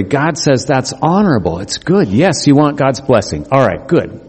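A man's voice: normal speed, husky. Preaching man in a reverberant hall. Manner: animated preaching, rising to emphatic highs. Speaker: pastor. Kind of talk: sermon.

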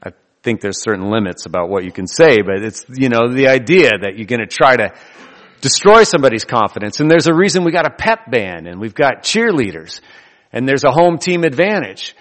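A man's voice: mid-range voice, very animated, brisk, fairly bright tone, in a large hall. A man preaching a sermon in a loose, conversational way, joking and laughing between his points. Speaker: pastor.

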